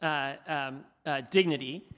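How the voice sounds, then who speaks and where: A man preaching a sermon, asking his listeners questions in an animated, conversational way. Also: fairly high pitch, unhurried. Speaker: pastor. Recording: hall reverb.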